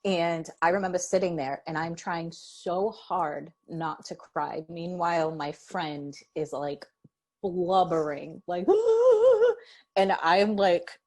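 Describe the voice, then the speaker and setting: A woman's voice: on the low side, lively intonation, takes it slowly, darkish tone. A young adult woman co-hosting a podcast, telling a story in a chatty way, full of "like". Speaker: podcast co-host. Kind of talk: casual chat.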